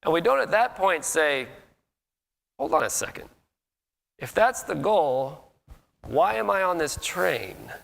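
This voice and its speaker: A man's voice: on the high side, lively intonation, unhurried, gravelly, a bit bright. A middle-aged man from Colorado giving a conversational sermon, often acting out people's inner voices. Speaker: guest minister. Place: church sanctuary. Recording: long hall reverb.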